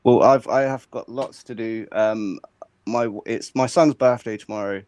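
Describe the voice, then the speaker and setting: A man's voice: mid-range voice, steady tone, normal speed, darkish tone. A British man chatting casually as a guest on a live stream, laid-back and hesitant. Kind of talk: casual chat.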